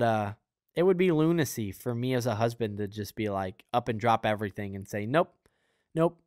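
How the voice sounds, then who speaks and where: A young man with a smooth, clear voice, recorded dry and close. He talks through faith in a loose, earnest, conversational way, with frequent fillers and asides. He has the hiccups. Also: mid-range voice, dry recording. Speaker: podcast host and preacher. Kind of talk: casual spontaneous Christian teaching.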